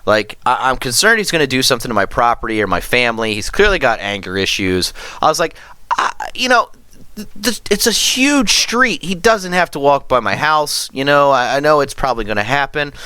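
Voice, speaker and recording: A man on a podcast tells a story in a casual, profane way and acts out the people in it. His pitch swings widely and his tone is bright. The recording is dry and close. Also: quick pace, hardly any pauses, clean tone, no room sound. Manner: profane, animated storytelling, acting out quotes. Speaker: podcast host.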